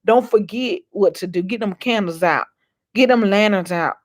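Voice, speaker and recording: An inspirational vlogger, a woman with a mid-range voice and moderate pace, delivers a faith-based motivational talk. She's preachy and repetitive, folksy in manner, and keeps calling out to her viewers.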